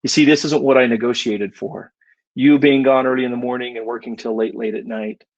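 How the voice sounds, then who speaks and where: A middle-aged man giving a motivational talk, telling personal stories in an earnest, warm way. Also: mid-range voice, fairly even intonation, a little fast, dull audio. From United States. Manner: earnest, warm storytelling with emotional emphasis. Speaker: keynote speaker.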